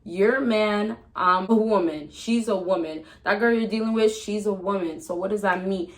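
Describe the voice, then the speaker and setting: A woman giving dating advice to camera in a casual vlog, chatty and emphatic, swinging between loud excitement and a soft calm tone, laughing often. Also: medium pitch, moderate pace, low-quality recording. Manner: laughs often mid-sentence.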